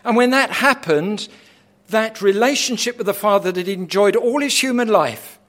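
A man preaching a sermon, dramatic, swinging from hushed lines to loud, intense ones. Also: high-pitched, lively intonation, normal speed.

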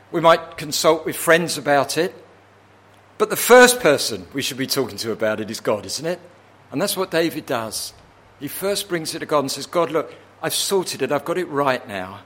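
A man preaching a sermon in a slightly high voice. He talks earnestly and leans on tag questions. When he voices prayers he climbs into loud, impassioned pleading. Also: expressive, moderate pace. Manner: impassioned, rising to near-shouts in pleading prayers.

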